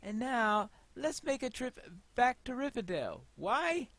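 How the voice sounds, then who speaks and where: A man's voice: very high-pitched, big pitch swings, slow pace, fairly bright tone, no room sound. A man casually commenting on his gameplay, chatty and wry, thinking aloud. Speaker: gameplay host.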